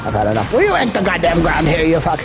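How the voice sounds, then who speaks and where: A man giving casual gameplay commentary, excitable and full of profane trash talk. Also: on the high side, quick pace, creaky. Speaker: gamer streaming gameplay. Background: game music.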